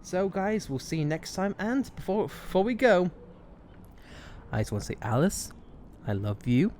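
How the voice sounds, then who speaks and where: A man hosting a let's play, joking and excitable as he comments on the game. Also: high voice, moderate pace, a little hiss or hum. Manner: excitable, jokey, laughs often. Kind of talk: gameplay commentary.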